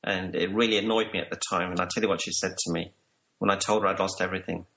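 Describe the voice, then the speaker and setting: A man's voice: low-pitched, steady tone, fast talker, creaky, a bit bright, poor audio. A man working as a life coach, telling his personal story earnestly to an interviewer and sometimes repeating words.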